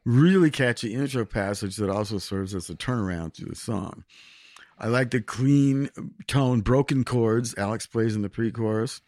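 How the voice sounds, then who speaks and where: A man co-hosting a podcast, reading out earnest, admiring song reviews in a measured way. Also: medium pitch, a little mellow, no echo, clean studio sound. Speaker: podcast co-host.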